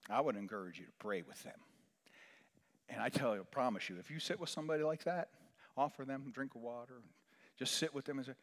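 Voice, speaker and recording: A man preaching as a chaplain, swinging from loud, emphatic rises to hushed, almost whispered lines. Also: medium pitch, fast talker. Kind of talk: sermon. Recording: long reverb of a large hall.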